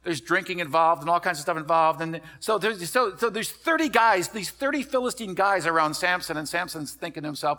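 A male pastor preaching a sermon in a church, telling the story with lively acted quotes and repeating words as he builds up. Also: high-pitched, brisk.

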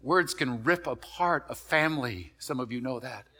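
A male pastor preaching a sermon in a church, telling the story with lively acted quotes and repeating words as he builds up. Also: medium pitch, normal speed.

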